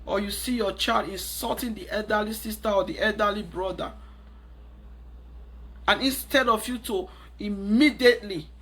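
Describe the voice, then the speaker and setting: A woman's voice: medium pitch, fairly bright tone, slight background noise. A woman with a Nigerian accent giving emphatic, preachy parenting advice in a monologue, repeating her points. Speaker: parenting vlogger.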